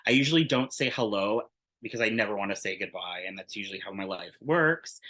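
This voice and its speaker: Bright-voiced man rambling through a story. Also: fairly low pitch, animated, brisk, low-quality recording. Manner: rambling, heavy use of "like", frequent restarts; candid, swears freely. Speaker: interview guest. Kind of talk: casual anecdotal storytelling.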